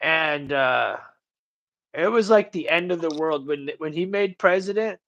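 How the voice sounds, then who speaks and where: A man's voice: on the high side, unhurried, a bit bright, dull audio. A man hosting a livestream in casual chat, rambling and slangy, calling people bro and dude. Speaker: livestream host.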